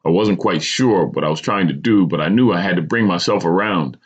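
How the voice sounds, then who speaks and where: A man's voice: sits low, brisk, breathy edge. A man hosting a podcast, reading a personal story aloud with dramatic storytelling and small stumbles, on a dull lo-fi recording. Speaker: podcast host.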